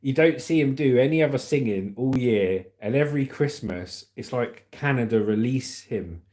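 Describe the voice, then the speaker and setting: A man hosts a relaxed livestream, reading out viewers' comments and laughing along. His voice sits at an ordinary middle pitch. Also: moderate pace. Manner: reads chat aloud, laughs often. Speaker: livestream host. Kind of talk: casual livestream chat.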